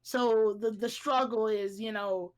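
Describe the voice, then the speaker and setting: A woman's voice: a little high, steady tone, unhurried. A woman co-hosting a podcast in casual chat, rambling along with lots of filler words and restarts. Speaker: podcast co-host.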